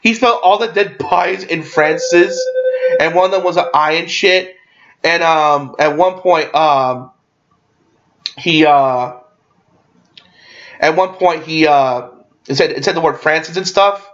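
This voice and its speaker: A young man rambling through a casual movie recap, excitable and swearing freely, with lots of fillers and restarts. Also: a little high, measured pace, long pauses, muffled recording. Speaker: movie reviewer.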